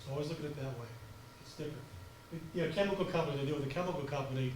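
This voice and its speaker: A man giving a conference talk on crisis communications, speaking fast and passionately. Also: on the high side, slight background noise. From United States. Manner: fast, passionate, animated delivery. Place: auditorium. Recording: echoey auditorium from far off.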